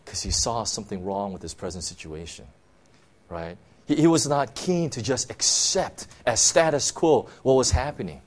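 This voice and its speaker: A man's voice: mid-range voice, expressive, moderate pace. A man preaching a sermon to his church, talking in a loose, conversational way and often checking in with "you know" and "right?". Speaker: pastor.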